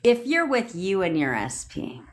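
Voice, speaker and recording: A woman's voice: medium pitch, big pitch swings, a little slow. A young adult woman, a manifestation coach, ranting bluntly on a phone livestream with plenty of swearing and repetition. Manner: blunt, profane, repetitive tough-love ranting. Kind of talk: TikTok live rant.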